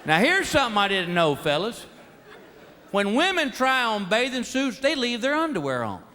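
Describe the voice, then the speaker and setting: A male comedian with a very high voice and huge pitch swings performs at normal speed in a large theater. His stand-up set features exasperated, folksy stories where he acts out himself and his wife, recorded live amid loud audience laughter.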